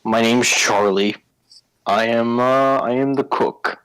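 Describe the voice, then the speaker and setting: A man voicing a simple-minded, cheerful male troll cook who talks in a halting, eager, childlike way in a tabletop game. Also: medium pitch, fairly even intonation, fairly bright tone, smooth, dry recording, poor audio. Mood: friendly.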